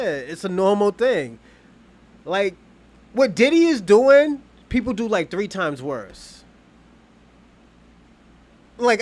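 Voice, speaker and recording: A man hosting his own channel, telling a casual, rambling story in loose, profane slang. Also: sits high. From Boston, US. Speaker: channel host.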